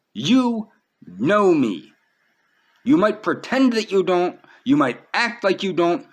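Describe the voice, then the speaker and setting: Man, agitated, pleading, repetitive, higher voice, swinging pitch. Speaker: vlogger. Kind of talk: emotional direct address to camera.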